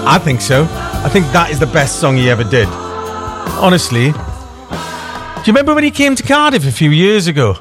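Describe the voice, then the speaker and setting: A man's voice: on the high side, sing-song, moderate pace, pauses often, music in the background. A man hosting a radio show in a rambling, gushing, self-mocking way. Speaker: radio host. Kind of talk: comic radio presenting.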